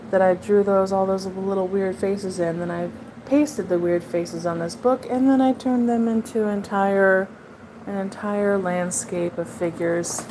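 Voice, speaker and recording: In a rambling vlog, an artist who makes videos flips through her art journal, chatty and amused at her own expense. She has a mid-range voice, heard against background noise.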